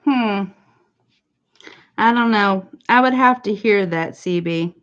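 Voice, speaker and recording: A woman's voice: medium pitch, slow, fairly bright tone. Chatty woman streamer, muffled audio. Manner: chatty, answering viewers one by one. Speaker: livestream host. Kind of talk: casual chat.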